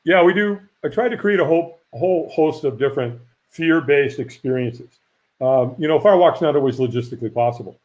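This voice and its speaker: A middle-aged man, a firewalk instructor, telling a lively story in a casual interview and acting out the voices of people he quotes. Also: on the high side, brisk. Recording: dull lo-fi audio.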